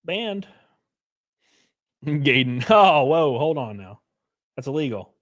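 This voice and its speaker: A man in his thirties hosts a casual live stream, trading jokes and jabs with his chat. His voice sits a little high for a man, and his delivery is brash and offhand. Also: lively intonation, drawn-out words, fairly bright tone. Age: 30s. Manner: brash, joking, talks back to chat. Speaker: livestream host.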